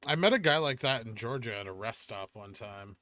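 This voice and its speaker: A man's voice: mid-range voice, expressive, brisk, sharp tone. A man hosting a casual livestream, answering viewer chat questions in a laid-back, offhand way. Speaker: livestream host reading chat.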